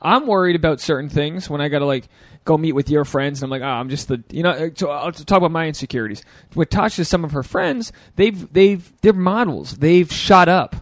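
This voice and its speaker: A man's voice: a little high, a little fast, few pauses, no room sound. A man hosting a podcast in casual chat, talking in a loose, profane, self-deprecating way. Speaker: podcast host.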